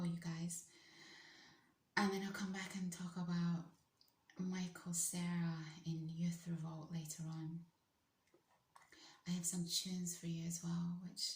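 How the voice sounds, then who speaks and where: Woman, whispered casual chat, rambling, lowish voice, echoey room. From United Kingdom. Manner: soft, mostly whispered, rambling. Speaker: vlogger. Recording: roomy echo.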